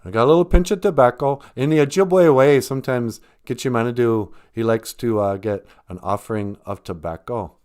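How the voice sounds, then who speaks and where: A man's voice: medium pitch, brisk, hardly any pauses, darkish tone. An older man hosting a casual live stream about Ojibwe, rambling and joking, often breaking into laughs. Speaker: host teaching Ojibwe.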